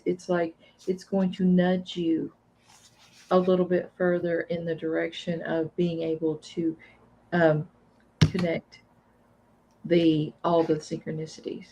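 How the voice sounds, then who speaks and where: A woman guest giving an intuitive tarot reading, halting and repeating her words as she goes. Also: fairly low pitch, level tone, mellow, dull audio. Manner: slow, hesitant, repeats words.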